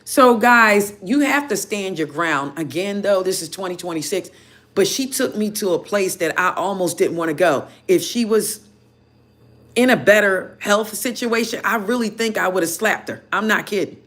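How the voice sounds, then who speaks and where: A woman tarot reader casually telling viewers a story in an animated, chatty way, full of "you know" fillers. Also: mid-range voice, normal speed. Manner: animated, chatty, heated when retelling.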